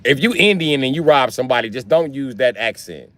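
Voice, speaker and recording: A man's voice: mid-range voice, fairly quick. A man livestreaming from his car on a phone, ranting casually and profanely as he riffs through comedic stories. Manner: profane, animated storytelling. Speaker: live streamer. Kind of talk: casual comedic rant on a live stream. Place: inside a car.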